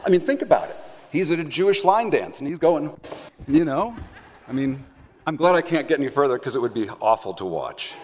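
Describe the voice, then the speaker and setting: A man's voice: fairly high pitch, lively intonation, brisk, darkish tone, a little hiss or hum. Man preaching in an echoing hall. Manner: conversational, playful storytelling with acted asides. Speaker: pastor. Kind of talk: sermon.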